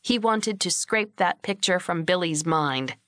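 A woman narrating a novel in a steady, expressive storytelling voice. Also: on the low side, measured pace, no room sound, studio quality. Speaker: audiobook narrator. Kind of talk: scripted narration.

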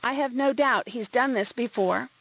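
Woman reading a calm, clinical medical examiner. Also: a little high, moderate pace, gravelly, rough recording.

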